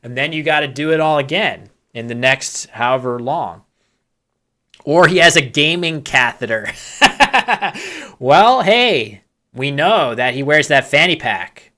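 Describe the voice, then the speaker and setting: A man's voice: on the high side, lively intonation, unhurried, bright, forceful tone. A man commentating a live board-game tournament in a casual, chatty way, with candid joking asides and self-deprecating humor.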